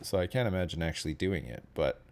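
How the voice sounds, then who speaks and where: Low-voiced man chatting. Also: animated, quick pace, darkish tone. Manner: rambling, hedging, many fillers and tag questions. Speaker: streamer host. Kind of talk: casual chat while gaming.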